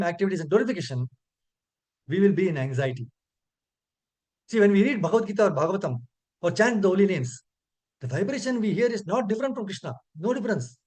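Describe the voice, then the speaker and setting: Male preacher, Indian English accent, pitched high, earnest teaching tone with slow chanted recitations. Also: darkish tone. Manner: earnest, asks listeners "correct?". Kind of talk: scripture class.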